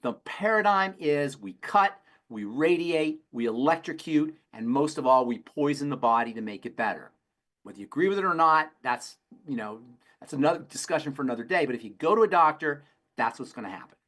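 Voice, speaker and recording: A man, a pharmacist on a health show, answering questions in an emphatic, rapid-fire way and repeating his key phrases. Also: a little high, expressive, fairly bright tone. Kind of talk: call-in health talk.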